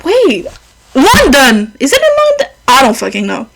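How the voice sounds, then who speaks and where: A young woman, by mother tongue, hosts her podcast as a loose, rambling chat. Her voice sits a little high, and she swears lightly as she wanders between thoughts. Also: huge pitch swings, moderate pace, gravelly, fairly bright tone, low-quality recording. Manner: chatty, rambling, swears casually. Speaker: podcast host. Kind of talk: casual chat.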